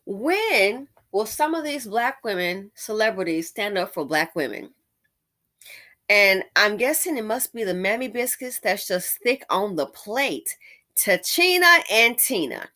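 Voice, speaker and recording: A woman talks through her opinions in a bright, forward voice. She sounds sassy and exasperated and slips into mocking impressions. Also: medium pitch, lively intonation, a little slow. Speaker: commentary vlogger. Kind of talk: opinion commentary.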